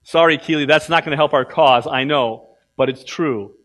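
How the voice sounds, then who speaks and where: A man preaching a sermon as pastor in a church, emphatic, swinging from loud exhortation to quiet asides. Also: on the high side, normal speed.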